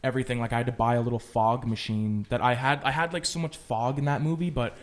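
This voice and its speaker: A man's voice: medium pitch, fast talker. A young man, a film student guest on a podcast, telling stories in casual chat with plenty of fillers and swearing. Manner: animated storytelling with lots of filler and swearing.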